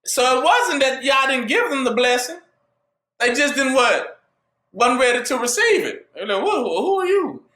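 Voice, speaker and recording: High, lively, bright-voiced preacher man. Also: moderate pace, reverberant. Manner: animated call-and-response preaching with rhetorical questions. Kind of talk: sermon.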